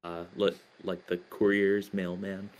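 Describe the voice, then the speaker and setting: A man's voice: deep voice, level tone, a little slow. A man chatting as a podcast guest about his band, talking hesitantly with many fillers and restarts. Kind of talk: casual interview chat.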